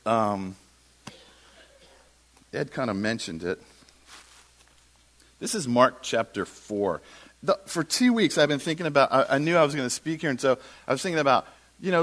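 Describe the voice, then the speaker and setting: Animated male preacher telling a story. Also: medium pitch. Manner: animated, self-mocking storytelling. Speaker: guest preacher. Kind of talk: sermon with storytelling. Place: church.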